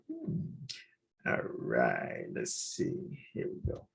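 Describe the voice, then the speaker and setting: A man hosting a trading channel, talking casually through a screen-share market review, animated and repetitive, addressing viewers directly. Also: rumbling low, takes it slowly, creaky, soft background music. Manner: animated, repeats himself, talks straight to viewers. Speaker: forex trading channel host.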